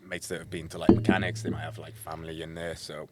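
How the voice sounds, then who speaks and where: A Welsh man in his thirties from Cardiff, a podcast guest telling his story in a relaxed, friendly way. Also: rumbling low, fast, very noisy. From Cardiff, Wales. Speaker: guest, personal trainer. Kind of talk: casual podcast interview. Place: small studio.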